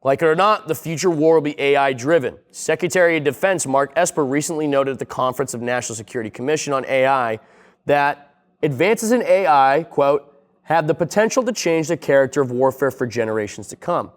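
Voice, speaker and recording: Here the young host's voice is on the high side, animated and a little fast. His casual comedic video essay is rambling, sarcastic, and full of swearing.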